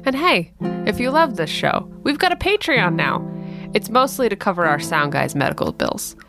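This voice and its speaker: Lively, giggly woman podcast co-host. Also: medium pitch, moderate pace, over music. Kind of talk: casual comedy banter.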